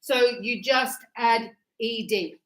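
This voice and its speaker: Slow, echoey English teacher woman. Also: fairly high pitch, fairly bright tone. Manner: slow, deliberate, stresses and repeats words. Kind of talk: grammar lesson.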